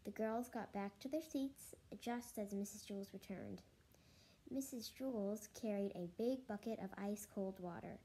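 A woman's voice: medium pitch, measured pace, mellow, low-quality recording. A woman reading a children's story aloud, with slips and restarts.

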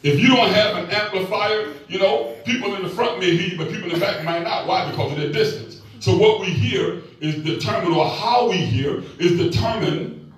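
A man in his sixties preaches as pastor, folksy and calling out to the congregation in call-and-response. His voice is high and moves at normal speed. The sound comes from far off in an echoey church, with music.

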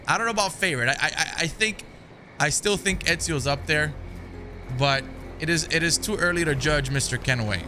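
A man's voice: a little high, brisk, pushed and bright, soft background music. A man giving casual, chatty commentary over a game, often repeating his words as he goes. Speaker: gaming commentator. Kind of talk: casual let's-play commentary.

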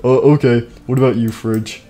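A man's voice: mid-range voice, flat delivery, normal speed, warm tone. A young man hosting an improvised game role-play, talking casually with lots of fillers and playful humming. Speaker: gaming channel host.

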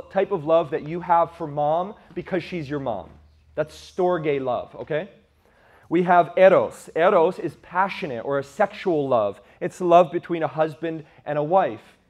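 A man's voice: fairly high pitch, a little mellow. A man preaching a sermon to young men, emphatic and conversational, with frequent rhetorical questions. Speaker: youth preacher.

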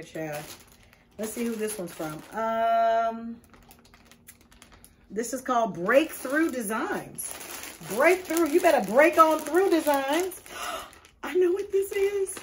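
A woman with a voice on the high side hosts a casual video, opening gifts amid playful, exuberant chatter and laughing easily. There's a slight hiss or hum on the recording.

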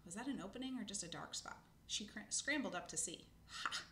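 A woman reading a children's book aloud with expressive storytelling. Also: mid-range voice, quick pace. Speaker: narrator. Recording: echoey room, faint noise.

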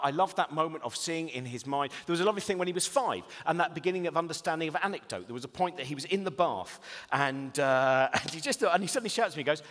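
A man, a comedian telling comic stories in a talk, animated and acting out voices. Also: fairly high pitch, a little fast. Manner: animated, acts out voices, rising to loud laughing bursts. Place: stage in a lecture hall. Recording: long reverb of a lecture hall.

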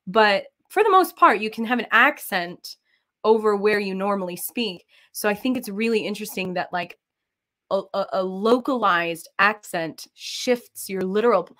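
A woman's voice: mid-range voice, animated, a bit bright. Giggly, rambling American woman chatting. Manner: rambling and giggly, full of "like" and "um", often trails into quick laughs. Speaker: cross-stitch designer and channel host. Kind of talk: chatty talk while stitching.

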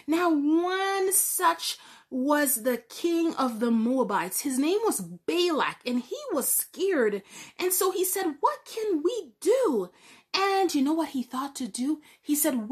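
A woman hosting a children's Bible lesson, telling the story in an animated way and asking the children questions as she goes. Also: high voice.

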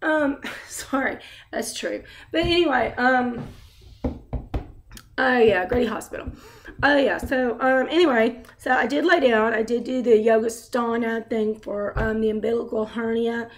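A woman with a fairly high voice and a gravelly, fried edge talks straight into her camera at home. She rambles through her update candidly and trails off into fillers and side remarks. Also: measured pace, slight background noise. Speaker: vlogger. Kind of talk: casual personal video update.

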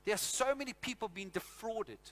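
Bright-voiced South African pastor preaching. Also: male voice, high-pitched, a little fast. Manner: animated storytelling, acts out scenes. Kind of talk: sermon. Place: church.

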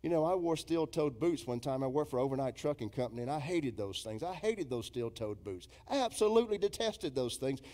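A man's voice: expressive, fairly quick, few pauses. A middle-aged man, a pastor preaching a sermon in a church, emphatic and storytelling, mimicking imagined congregants. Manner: emphatic preaching with big swings in pitch and loudness, quoting imagined congregants. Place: church sanctuary.

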